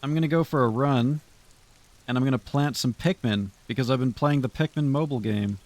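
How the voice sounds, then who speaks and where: A man's voice: medium pitch, fairly quick, a little mellow. A man streaming live, chatting loosely with his viewers as he wraps up, rambling and swearing freely. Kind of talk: casual stream sign-off chat to viewers.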